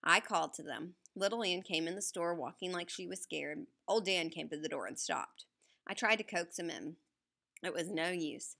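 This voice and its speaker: A woman narrating a novel aloud in the first person with a steady storytelling read. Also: lowish voice, normal speed, creaky. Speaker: audiobook narrator.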